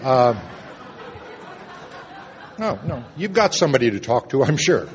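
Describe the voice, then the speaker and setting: A man sharing a personal recovery story at a meeting, earnest, moving between loud and hushed moments. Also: mid-range voice, sing-song, a little slow, some chatter behind. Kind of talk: personal testimony talk. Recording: long reverb of a hall.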